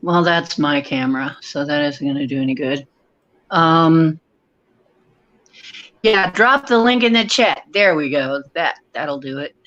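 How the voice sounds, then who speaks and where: Slow-talking, flustered live-stream host. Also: mid-range voice, a bit bright, highs cut off. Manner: flustered, thinking aloud while fiddling with settings. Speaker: podcast host. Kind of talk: casual live-stream tech troubleshooting. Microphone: video call.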